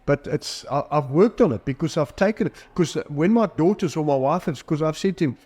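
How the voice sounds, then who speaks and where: A man's voice: mid-range voice, lively intonation, a little fast, few pauses, mellow, breathy edge. A middle-aged man, a psychologist and author, talking candidly in a podcast interview, telling stories about himself and acting out the voices in them. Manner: candid, self-deprecating storyteller who acts out quoted dialogue.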